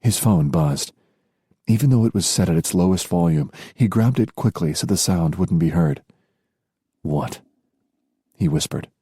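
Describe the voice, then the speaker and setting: A man narrating a romance audiobook in a measured storytelling voice. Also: low voice, expressive, dark tone, husky, no echo, studio quality. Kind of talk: scripted narration.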